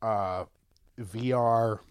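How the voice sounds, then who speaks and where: A young man co-hosting a podcast, throwing in quick crude one-liners. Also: fairly low pitch, fairly even intonation, clean tone, no echo, clean studio sound. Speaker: podcast co-host. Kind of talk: crude casual chat.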